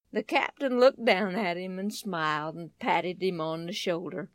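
A woman narrating a children's story in an expressive, lively storytelling manner. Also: fairly low pitch, a little slow, few pauses, very noisy.

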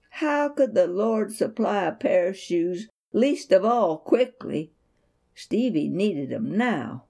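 A woman reading a Christian children's story aloud in an expressive storytelling manner. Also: lowish voice.

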